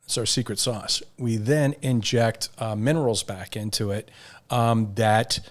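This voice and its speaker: A man's voice: lowish voice, steady tone, a little slow. A man, a company's chief executive, giving upbeat, earnest interview answers about his business. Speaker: company CEO guest.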